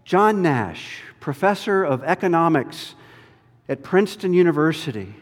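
Slow, deliberate preacher in a reverberant hall. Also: male voice, fairly high pitch, sing-song. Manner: emphatic, deliberate delivery. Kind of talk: sermon. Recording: long reverb of a large hall.

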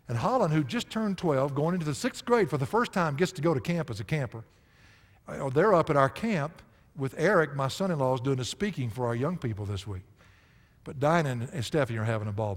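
Pastor, man in his 60s, slightly higher voice, folksy and laughing, echoey church sanctuary. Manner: folksy storytelling, laughing, bursts of loud emphasis. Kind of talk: sermon. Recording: echoey church hall reverb.

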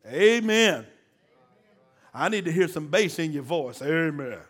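A man delivers a sermon. His voice sits high for a man, and he calls out to the congregation for answers and jokes with them in a homespun way. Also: expressive, unhurried, fairly bright tone. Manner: call-and-response exhorting, folksy and joking. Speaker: preacher.

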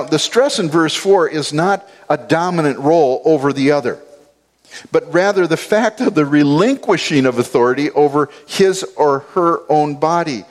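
A man giving an expository Bible teaching, explaining word meanings and repeating key phrases for stress. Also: medium pitch.

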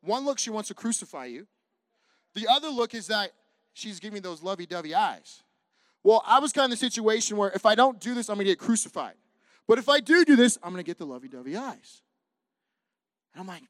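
A man from California preaching as a pastor, telling a personal story in an animated way that swings from hushed to loud, with jokes for the congregation. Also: high-pitched, brisk, dry recording, clean studio sound. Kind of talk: sermon storytelling.

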